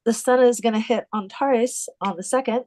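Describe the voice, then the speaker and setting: A woman's voice: a little high, moderate pace, darkish tone, rough recording. A woman co-hosting a podcast in casual chat, musing and searching for her words. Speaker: podcast co-host.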